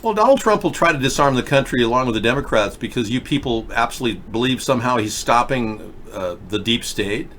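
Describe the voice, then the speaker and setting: A man's voice: medium pitch, expressive, fast talker, few pauses, a bit bright, a little hiss or hum. A man hosting a live political video chat show, talking emphatically and directly to viewers while wearing a mouth guard. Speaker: political talk show host.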